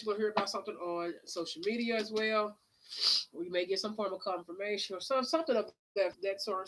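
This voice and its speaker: A chatty woman talks through a live tarot reading, drawling and calling listeners honey and child. Her voice is bright and forward, with an occasional sniffle. A faint hiss sits under the recording. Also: mid-range voice, low-quality recording. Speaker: tarot reader.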